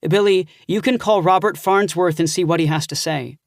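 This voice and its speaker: A man voicing a calm, decisive young woman who takes charge of her friends. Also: high-pitched, moderate pace, gravelly, dry recording, studio quality. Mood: firm. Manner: firm and organized.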